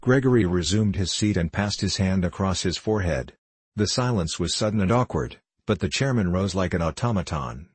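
Very deep, husky male narrator. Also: lively intonation, a little fast, dry recording. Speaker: audiobook narrator. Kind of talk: scripted narration.

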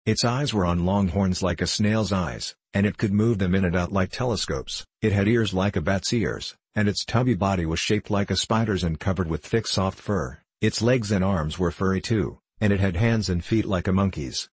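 A man narrating a children's storybook in a steady, measured way. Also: low-pitched, husky, dry recording. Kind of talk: audiobook narration.

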